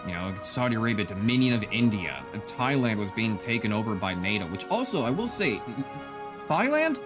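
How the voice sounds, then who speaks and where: A man's voice: fairly low pitch, very animated, brisk. A man giving casual, joking gameplay commentary with mock-grandiose outbursts and frequent laughter. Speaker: gaming YouTuber. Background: game music.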